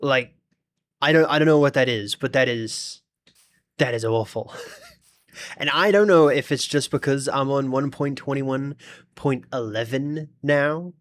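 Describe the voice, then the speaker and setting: A man's voice: mid-range voice, measured pace. A man with an Australian accent, chatting casually with his audience during a gaming livestream in a rambling, talkative way. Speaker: streamer.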